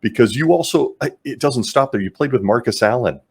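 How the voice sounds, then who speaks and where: A man's voice: medium pitch, animated, brisk, creaky, darkish tone, breathy edge. A man hosting a casual interview, responding with enthusiasm and laughing along with his guest. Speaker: interview host.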